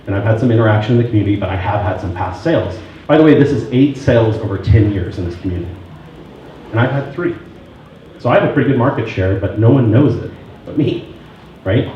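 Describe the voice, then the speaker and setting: Speaking quickly with lively intonation, a man with a lowish voice performs phone calls from both ends while telling stories at a real estate sales meeting. The meeting room recording is distant, dull and muffled, with strong echo and a little noise.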